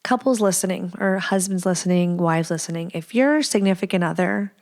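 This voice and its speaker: A woman's voice: lowish voice, fairly quick, a little mellow. Blunt, cursing woman podcast host. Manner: blunt and profane, rambling with restarts. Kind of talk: casual solo podcast monologue.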